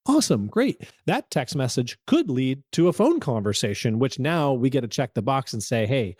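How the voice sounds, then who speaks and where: A man's voice: medium pitch, very animated, normal speed, few pauses, a little mellow, dry recording, studio quality. A man co-hosting a podcast in casual chat, giving his opinions plainly and laughing easily. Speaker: podcast co-host.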